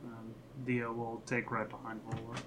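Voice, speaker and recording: A man's voice: medium pitch, completely flat delivery, moderate pace, noisy background. Casual joking male player. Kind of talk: tabletop game play.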